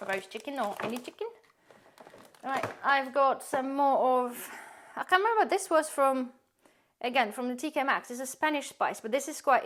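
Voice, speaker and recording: A woman, giving a chatty, rambling tour of her pantry and laughing often. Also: on the high side. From UK-based. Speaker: prepping vlogger.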